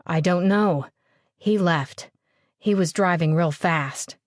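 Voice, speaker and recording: A woman voicing a gentle, simple-minded grown man who is childlike and worried, speaking plainly and repeating himself. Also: fairly low pitch, slow pace, dry recording, studio quality. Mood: troubled. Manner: plain repetitive speech.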